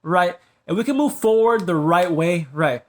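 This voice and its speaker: This man's camera monologue wanders, his lines constantly capped with "bro" or "right" before he trails off into soft, drawling side comments. He sounds high-pitched and animated, talking at a normal speed.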